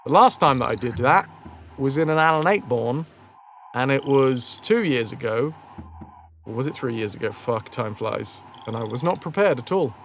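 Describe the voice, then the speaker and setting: A man's voice: medium pitch, expressive, normal speed, a little hiss or hum. A young man casually chatting and swearing as he streams a game, crude and self-mocking. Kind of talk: casual live gameplay commentary.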